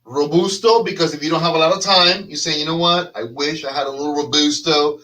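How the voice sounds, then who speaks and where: A male host chatting on a live show, animated and joking with rambling sales patter. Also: fairly high pitch, a little fast, recorded from a distance, slight background noise, rough recording. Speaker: host and cigar brand representative. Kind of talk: live casual chat show.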